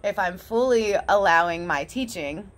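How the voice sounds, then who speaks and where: A woman's voice: medium pitch, lively intonation, normal speed. A woman talking in a casual, candid vlog monologue, swearing often and laughing between thoughts. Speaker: vlogger.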